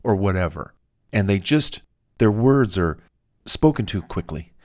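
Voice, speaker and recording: Man, deep voice, casual self-help audiobook narration: conversational and anecdotal, with fillers. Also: lively intonation, a little slow, darkish tone.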